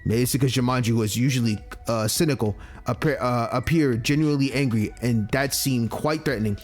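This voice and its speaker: A man's voice: mid-range voice, fairly quick, darkish tone, soft background music. A man reading a visual novel aloud and reacting casually, with frequent swearing. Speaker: let's play gamer.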